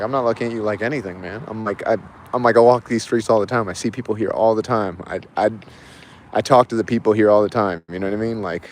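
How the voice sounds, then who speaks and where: A man livestreaming, casually telling a long story in a rambling way, full of "like" and repeated phrases. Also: fairly low pitch. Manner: rambling, repeats himself, lots of "like".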